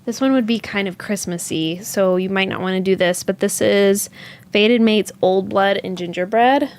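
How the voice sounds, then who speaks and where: Speaking at normal speed with a mid-range voice, a woman runs a casual livestream for a yarn shop, musing out loud and responding to viewer comments as she goes.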